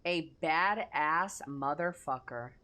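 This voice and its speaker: Young woman, streamer, casual chat, reads messages aloud, swears, relaxed slow pace. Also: deep voice.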